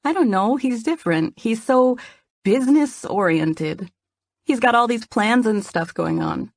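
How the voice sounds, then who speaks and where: Woman reading as a bubbly young friend in a romance audiobook, gushy and teasing, lifted a bit higher, dry close sound. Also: animated, unhurried, vocal fry, no room sound, exaggerated voice. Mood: eager. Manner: eager, gushing, teasing. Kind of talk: audiobook character dialogue.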